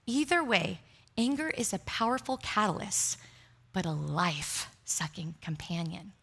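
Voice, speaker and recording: Her voice is on the low side, husky and creaky yet fairly bright, and her pace is measured. This middle-aged pastor preaches before a congregation in the sanctuary, laughing often as she shares candid stories at her own expense.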